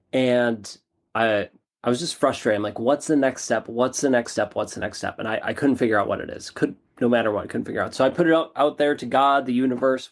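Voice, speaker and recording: A man of ordinary middle pitch talks as a podcast guest, recounting a personal turning point. He tells it in a casual, animated way, poking fun at himself and repeating lines for emphasis. His voice sits right in the middle range, neither deep nor high. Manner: animated, repetitive, self-deprecating storytelling. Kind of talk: casual storytelling interview.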